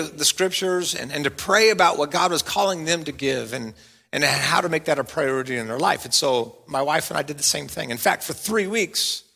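A middle-aged man, a pastor, preaching a sermon. He swings between loud, playful stretches and quiet, earnest asides. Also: fairly high pitch, vocal fry.

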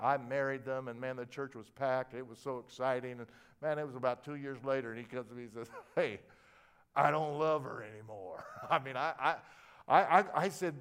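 Delivering a sermon, an older pastor speaks with a clear, resonant, mid-range tone. He animates his stories by swinging between hushed asides and booming, emphatic lines, and his excitement sometimes makes him stumble and repeat himself.

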